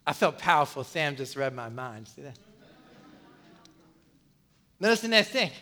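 A man's voice: a little high, big pitch swings, measured pace, pushed and bright. A middle-aged man preaching a sermon earnestly, often repeating phrases and restarting his words. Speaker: pastor.

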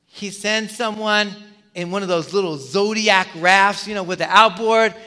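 A male pastor giving a sermon in a conversational, animated way, telling a story with many asides. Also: high voice, a little slow, big-room sound.

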